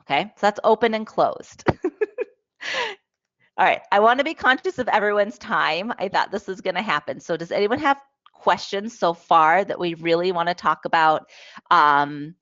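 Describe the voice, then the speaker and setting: A woman with a low voice gives a lively, hands-on talk about play, showing toys as she goes and often checking in with "right?". The audio is dull and lo-fi, with a dry, close sound. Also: moderate pace, dry recording. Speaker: presenter on play for young children, parent. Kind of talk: webinar talk with toy demonstrations.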